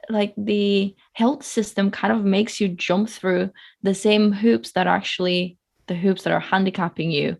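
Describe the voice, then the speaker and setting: A woman's voice: mid-range voice, fairly even intonation, unhurried, vocal fry, hardly any pauses. A woman who works as a coach, a podcast guest explaining her approach thoughtfully with some hesitations. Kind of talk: casual conversation.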